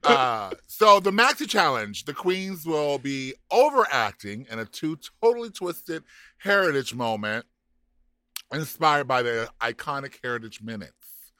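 A man's voice: mid-range voice, lively intonation, measured pace, sharp tone, dry recording. A man co-hosting a casual recap podcast, sassy and theatrical, tossing out "honey" often. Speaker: podcast co-host.

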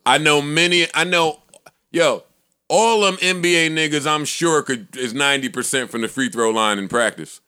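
A man hosting a podcast in casual, animated banter, laughing often and acting out quotes. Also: on the high side, moderate pace, clear, resonant tone. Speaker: podcast host.

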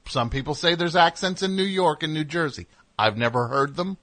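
A man hosting a comedic call-in radio show, sarcastic and incredulous, riffing deadpan bits with a caller. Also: a little high, normal speed, no echo. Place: radio studio. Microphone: studio mic.

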